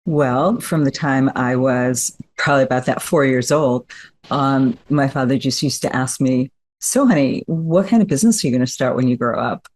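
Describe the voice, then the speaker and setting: A woman guest on an interview podcast, telling stories in a lively way and acting out the voices she quotes. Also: a bass voice, normal speed. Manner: lively storyteller who acts out quoted voices. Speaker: guest entrepreneur. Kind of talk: storytelling in an interview.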